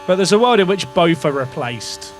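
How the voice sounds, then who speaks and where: High-voiced English man streaming a game. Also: very animated, normal speed, soft background music. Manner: rambling, self-questioning, talks to chat. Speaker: gaming streamer. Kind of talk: casual live game commentary.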